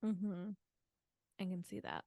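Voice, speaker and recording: A woman's voice: fairly low pitch, very animated, slow pace, vocal fry, dark tone, no room sound, clean studio sound. A woman co-hosting a casual chat podcast, playful and self-mocking, who laughs a lot. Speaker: podcast co-host, a mother.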